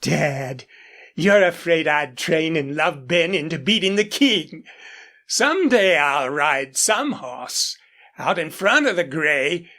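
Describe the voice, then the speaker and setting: A woman's voice: low voice, lively intonation, takes it slowly, a bit bright, exaggerated voice. A woman voicing a playful, coaxing eighteen-year-old ranch girl who loves horses, in an audiobook character voice.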